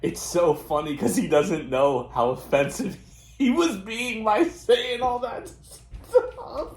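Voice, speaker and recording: A man's voice: sits high, slow pace, roomy sound. A man hosting a reaction video who makes laughing, disbelieving asides. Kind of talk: casual reaction commentary.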